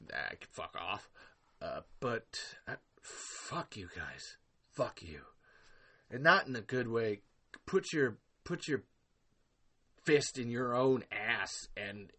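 A man's voice: mid-range voice, a bit bright. A man hosting a live podcast in casual chat, rambling and profane, laughing often. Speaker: podcast host.

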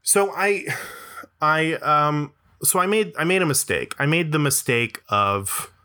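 A man's voice: a little high, unhurried, pushed and bright, clear, resonant tone. A man telling a comedic personal story, self-deprecating and profane, spinning it into exaggerated riffs.

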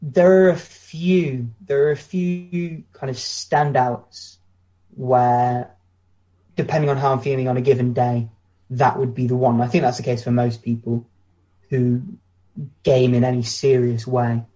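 A man's voice: medium pitch, steady tone, a little slow, dark tone. Blunt British man chatting casually. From Britain. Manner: blunt, opinionated, anecdotal storyteller. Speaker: podcast co-host. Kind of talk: casual podcast chat.

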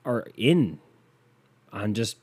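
A man's voice: lowish voice, big pitch swings, extremely slow, darkish tone, breathy edge. A man from the United States doing a solo comedic rant, profane, rambling and self-mocking.

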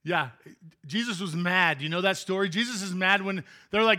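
A male pastor preaches a chatty, interactive sermon in a church sanctuary, joking with the congregation and frequently restarting sentences. His voice sits high and sounds bright and forceful, at a normal speed.

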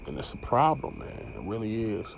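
A man's voice: lowish voice, very animated, moderate pace, vocal fry, slight background noise. A young man hosting a casual solo podcast, rambling and stumbling over his words with frequent swearing. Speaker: podcast host.

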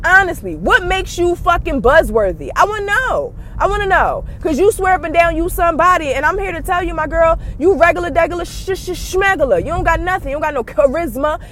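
A woman podcast host delivering blunt, profane gossip commentary, scornful and heated, with sudden shouted outbursts. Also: high voice, a little hiss or hum.

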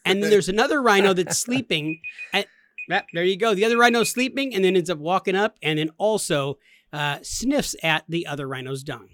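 Male podcast co-host, thirties, high and bright, lively storyteller voice, dry sound. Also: fairly quick, dry recording. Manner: animated, laughing, acts out quotes. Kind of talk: casual storytelling.

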